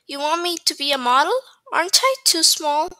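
High bright eager little heroine from a storybook, a woman doing the voice. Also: animated, normal speed, no echo. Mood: indignant. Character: tiny young woman dressmaker, eager and spirited.

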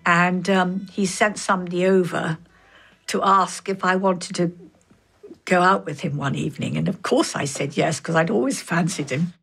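A woman in an interview fondly and calmly recalling her past. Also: lowish voice, normal speed, husky. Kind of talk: reminiscing interview.

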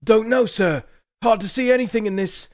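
A man voicing a nervous, rough-spoken northern soldier in an audiobook, jittery and unpolished in his speech. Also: high-pitched, moderate pace, a little mellow, dry recording, studio quality, pitched above the performer's own voice, close to an everyday voice.

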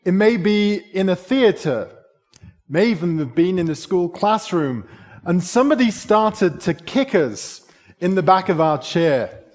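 A man gives a sermon in a church sanctuary, telling a story in an unhurried, deliberate way. His voice sits high for a man, and he turns to rhetorical questions to draw in his listeners. A long reverb from the hall trails after his words. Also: animated, darkish tone. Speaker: preacher.

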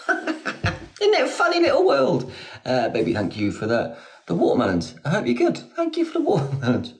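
A man hosting a live stream, reading out comments and answering viewers in a sarcastic, teasing way on a phone mic. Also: lowish voice. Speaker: livestream host.

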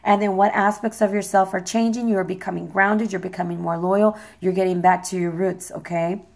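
A hoarse woman giving a chatty, playful tarot reading, swearing casually as she talks. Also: medium pitch, steady tone, a little fast. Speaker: tarot reader.

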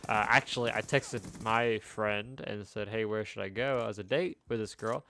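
With faint gunfire from a video game in the background, a young streamer chuckles his way through a long, meandering story in casual chat while he plays. His voice is on the low side, creaky and a bit bright, at normal speed.

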